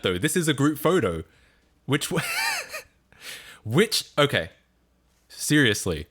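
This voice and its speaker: A man's voice: mid-range voice, fairly bright tone. A man chatting casually on a livestream, laughing often and breaking into incredulous outbursts.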